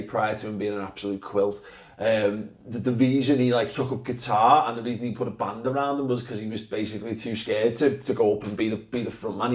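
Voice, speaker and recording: A man with a Scouse accent answering fan questions in casual, sweary, animated chat. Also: lowish voice, echoey room, far from the mic. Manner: sweary, animated, laughs a lot.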